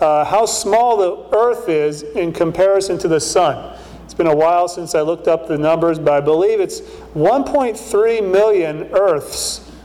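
Man preaching with a high voice in a reverberant hall. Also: darkish tone. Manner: conversational, asks the congregation "right?" often. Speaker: pastor. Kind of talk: sermon. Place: church hall.

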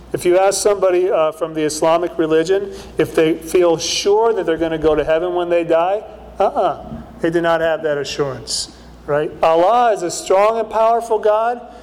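A man's voice: high voice, darkish tone. A middle-aged male pastor preaching a sermon in a casual, conversational way, often checking in with the congregation. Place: church hall. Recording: long hall reverb.

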